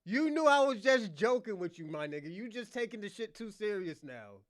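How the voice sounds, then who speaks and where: A man's voice: high-pitched, very animated, normal speed, dry recording, clean studio sound. A man from Boston hosting a casual live chat, teasing and laughing often. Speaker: livestream host.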